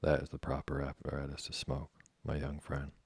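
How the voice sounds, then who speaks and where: A man voicing a dry, wry older German gentleman aboard a ship in a read-aloud novel. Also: a bass voice, completely flat delivery, normal speed, vocal fry, husky, no echo, full character voice.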